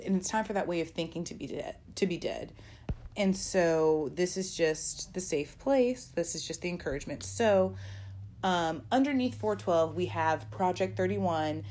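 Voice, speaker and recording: This podcast host is a young adult woman with a fairly low, darkish voice. Her casual faith show is chatty and encouraging, packed with filler words and sprinkled with playful scolding.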